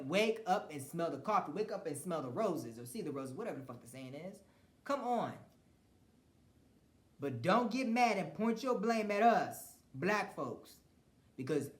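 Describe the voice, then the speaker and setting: Mocking man ranting in a roomy space. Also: high voice. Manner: blunt, mocking, laughs often, restarts words. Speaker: podcast host. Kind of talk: profane political commentary rant. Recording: roomy echo.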